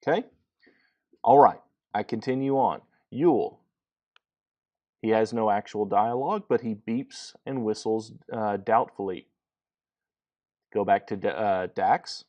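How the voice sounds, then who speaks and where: A man instructor walking through a screenwriting tutorial, halting with many fillers as he explains each step. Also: fairly low pitch, dark tone.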